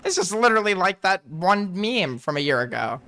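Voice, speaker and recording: A man's voice: sits high, big pitch swings, normal speed, sharp tone, a little hiss or hum. A young man hosting a reaction commentary, incredulous and mocking, swearing freely and laughing at what he watches. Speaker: commentary host.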